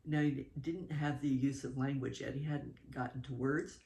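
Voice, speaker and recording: A mother telling animated stories about her children in a casual interview, laughing often. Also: very deep voice, normal speed, vocal fry, slight background noise. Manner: animated, laughing, with fillers and asides. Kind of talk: casual spoken storytelling.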